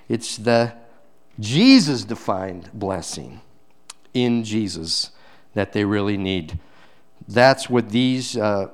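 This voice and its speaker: A pastor, male and medium-pitched, preaches with dramatic shifts between booming emphatic bursts and quiet, intense passages. Rhetorical questions are directed at those gathered in the congregation.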